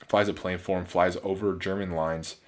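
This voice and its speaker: Deep-voiced man rambling through a movie review. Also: normal speed. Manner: rambling, relaxed, with many fillers and restarts.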